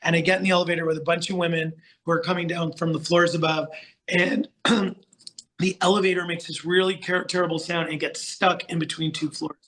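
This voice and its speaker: A middle-aged man from the United States, a podcast guest telling stories in a chatty, animated way, full of fillers and restarts. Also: a little high, brisk. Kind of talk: casual storytelling interview.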